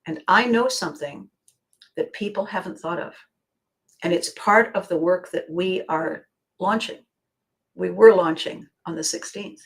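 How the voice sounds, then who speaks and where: An older woman hosting her own podcast, talking in a rambling, emotional monologue with frequent pauses. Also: lowish voice. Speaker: podcast host. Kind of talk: personal monologue.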